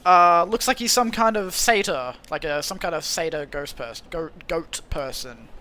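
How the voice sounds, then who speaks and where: A young man streaming a game, commenting casually and excitably, laughing often. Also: a little high, moderate pace, slight background noise.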